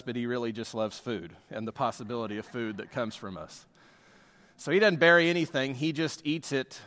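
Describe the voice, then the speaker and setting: A man's voice: medium pitch, fairly bright tone, big-room sound. A man preaching a sermon as a pastor, emphatic, with his delivery rising and falling in force.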